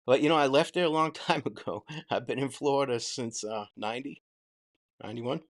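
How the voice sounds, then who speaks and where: Casting note: Boston-accented man, mid-pitched, blunt and profane, live-stream host answering chat. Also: a little fast. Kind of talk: casual live-stream commentary.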